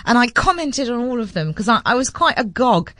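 A woman's voice: a little high, sing-song, a little fast, fairly bright tone, no room sound, clean studio sound. A middle-aged British woman hosting a late-night radio interview, chatty and playful with a self-mocking humour. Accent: British English. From United Kingdom.

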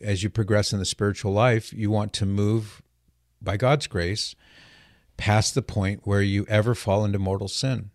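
Low-voiced radio host, dry studio sound. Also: male voice, steady tone, normal speed, no echo. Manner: earnest, patient explaining. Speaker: radio call-in show host. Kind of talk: call-in radio talk.

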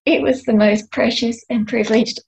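A middle-aged woman with an Australian accent, speaking gently and with feeling as a guest in a podcast interview. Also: fairly high pitch, fairly even intonation, moderate pace, vocal fry, lo-fi sound. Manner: gentle, emotional, heartfelt. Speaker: end of life doula and nurse, guest.

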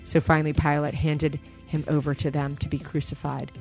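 A woman's voice: low-pitched, level tone, a little fast, creaky, darkish tone, faint music behind. A woman preaching a sermon, retelling scripture in a conversational storytelling way.

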